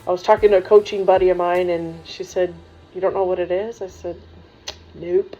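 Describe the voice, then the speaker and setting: Low, mellow-voiced woman storyteller. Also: brisk. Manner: lively, humorous, laughs while telling, voices others in dialogue. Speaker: religious sister, former coach. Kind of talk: storytelling to students. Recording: dull muffled sound with faint music.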